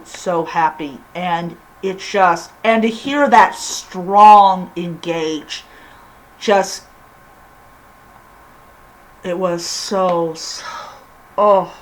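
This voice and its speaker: Woman gushing about a tv episode, slow and halting, keeps restarting sentences. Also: mid-range voice, poor audio. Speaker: vlogger reviewing TV episodes. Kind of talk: casual spoken review.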